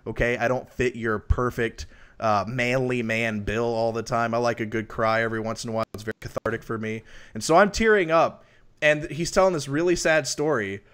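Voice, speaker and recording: A man with a wife and kids, co-hosting a podcast and reviewing a film in loose, rambling casual chat that gets animated when he tells a story. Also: medium pitch, a little fast, clear, resonant tone. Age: adult with a wife and kids. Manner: rambling, lots of restarts and fillers; animated when retelling stories. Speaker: podcast co-host.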